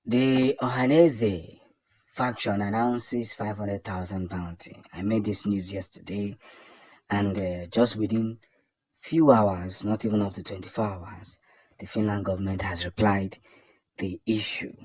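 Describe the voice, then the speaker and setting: A man with a Nigerian accent giving impassioned political commentary, emphatic and repetitive, building up to loud declarations. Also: on the low side, fairly even intonation, unhurried, husky, no room sound.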